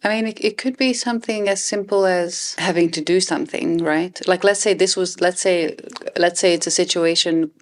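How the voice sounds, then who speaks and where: A young adult woman co-hosting a podcast, reflective and halting, restarting sentences often as she explains her feelings. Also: fairly low pitch, steady tone. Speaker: podcast co-host. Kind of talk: casual chat.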